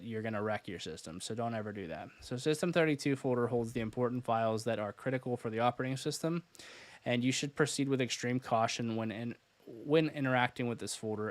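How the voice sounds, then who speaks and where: A man hosting a live-stream tutorial, talking casually with lots of "uh" fillers and quick self-corrections. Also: medium pitch, no echo. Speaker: host and cybersecurity instructor.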